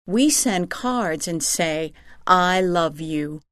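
Woman reading as kindly southern neighbor lady, southern accent, plainspoken, lower and softer, dry close sound. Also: expressive, extremely slow, clear, resonant tone, no room sound, full character voice. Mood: affectionate.

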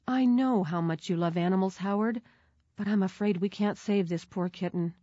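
A woman voicing a kind, gentle mother of two young children in a storybook, speaking softly and soothingly. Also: medium pitch, moderate pace, no room sound, natural voice. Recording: dull, dry recording.

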